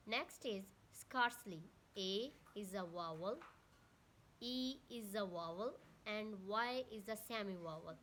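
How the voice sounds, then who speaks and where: A woman's voice: mid-range voice, fairly bright tone, a little hiss or hum. A woman teaching an online English lesson, patiently explaining step by step and spelling words out letter by letter.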